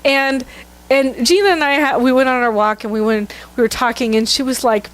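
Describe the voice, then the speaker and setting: A woman's voice: high voice, fairly even intonation, moderate pace, clean tone. A middle-aged woman minister giving a sermon, telling a candid, self-mocking story with laughter to her congregation. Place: church sanctuary.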